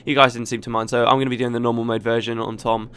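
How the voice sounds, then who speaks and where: A man's voice: medium pitch, flat delivery, very fast, a bit bright, clear, resonant tone. A man talking casually as he plays through a video game, rambling and chatty. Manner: chatty and rambling, with frequent restarts. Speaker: let's play host. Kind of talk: casual gameplay commentary.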